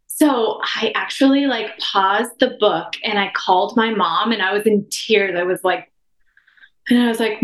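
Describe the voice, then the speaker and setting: A woman's voice: medium pitch, measured pace, fairly bright tone, reverberant, poor audio. A woman in her thirties, a podcast guest, talking candidly and emotionally, rambling with many restarts and fillers. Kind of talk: candid personal conversation.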